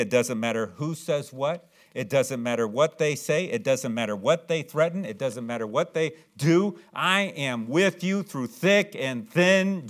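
A man preaching a sermon, reading scripture slowly and repeating phrases as he builds to loud, emphatic stresses. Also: medium pitch. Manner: reads scripture aloud in slow, drawn-out cadence. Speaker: pastor.

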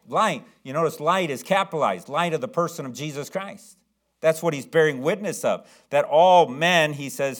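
A man preaching a sermon as pastor, slowing down to read verses aloud and calling on the congregation to answer. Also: medium pitch. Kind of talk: sermon with scripture reading.

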